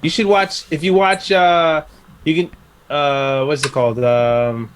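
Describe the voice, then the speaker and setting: A man's voice: on the high side, flat delivery, unhurried, a little hiss or hum. A man co-hosting a casual comedy podcast, joking crudely and cutting in on the others. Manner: joking, crude, interrupts a lot. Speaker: podcast co-host.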